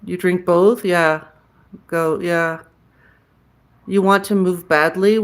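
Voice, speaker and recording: A woman with a lowish voice speaks a little slowly with fairly even intonation. She hosts a casual livestream, talking frankly with viewers, answering their comments aloud, and cursing now and then.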